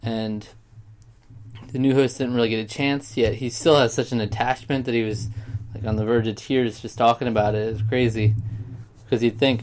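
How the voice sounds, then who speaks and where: A man's voice: medium pitch, steady tone, normal speed, a little mellow. A young man talking in a casual, rambling vlog monologue, often sidetracking himself and speaking with heartfelt sincerity. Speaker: YouTuber.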